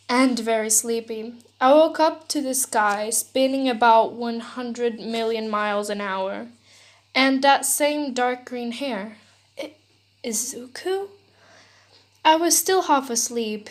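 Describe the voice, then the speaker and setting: A woman narrating a second-person fan story in a soft, emotional storytelling manner. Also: fairly high pitch. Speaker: fanfiction reader.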